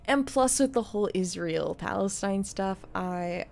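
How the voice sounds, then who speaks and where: A woman's voice: medium pitch, a little slow, vocal fry, a little mellow, a little hiss or hum. A young woman streaming a video game, chatting in a rambling way and laughing often. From United States. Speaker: gaming streamer. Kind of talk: casual let's play commentary.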